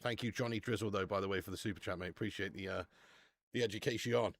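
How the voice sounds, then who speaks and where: A man's voice: fairly low pitch, fairly even intonation, fast talker, no echo. Chatty man, dry close sound. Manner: chatty, banters with live chat, swears casually. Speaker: football watch-along host. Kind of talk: casual live-stream chat.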